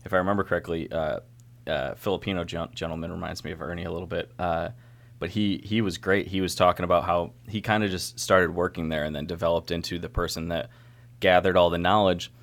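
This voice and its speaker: A man with a very deep, low-pitched voice chats casually as a guest brewer. He rambles along and often restarts his sentences mid-thought. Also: steady tone, fast talker, vocal fry. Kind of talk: casual chat.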